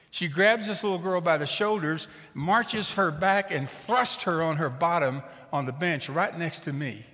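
Reverberant, animated middle-aged preacher. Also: male voice, sits high. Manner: animated, conversational storyteller. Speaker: pastor. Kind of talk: storytelling sermon. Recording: reverberant hall.

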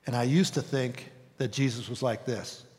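A man's voice: mid-range voice, steady tone, moderate pace, darkish tone, big-room sound. A male pastor preaching a sermon in a conversational way, sometimes acting out voices.

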